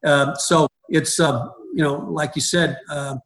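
A middle-aged man, a baseball coach, talks through his ideas in an interview. His voice sits a little high for a man, and he keeps restarting and repeating words as he goes. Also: fairly even intonation, a little slow, fairly bright tone, rough recording. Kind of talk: conversational interview.

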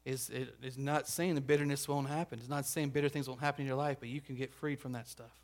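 A pastor preaching a conversational sermon, checking in with the congregation and acting out the grumbling crowd. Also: male voice, medium pitch, steady tone, fast talker. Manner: acts out grumbling crowd voices.

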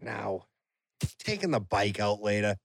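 A man's voice: lowish voice, lively intonation, a little slow, no echo. A man imitating his dad, an older biker in his sixties, with a mumbling, offhand way of talking.

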